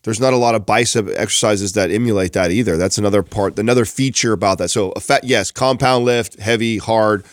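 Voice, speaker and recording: Man, lowish voice, thoughtful, casual fitness talk, dry studio sound. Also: a little fast, few pauses, no room sound. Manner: thoughtful, builds on points, hesitant restarts. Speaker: podcast co-host.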